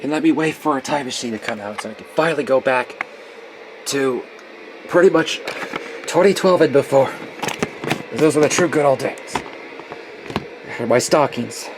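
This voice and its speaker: A man's voice: medium pitch, normal speed, long pauses. A man in his twenties vlogging at home in a closet, gloomy and nostalgic, often swearing as he complains. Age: 20s. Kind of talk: casual vlog. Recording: noisy home recording.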